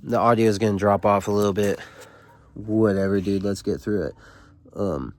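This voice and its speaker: A man's voice: on the low side, normal speed, no echo. A man hosting a casual book read-through, paraphrasing scenes in a slangy, laid-back way full of "dude" and "like".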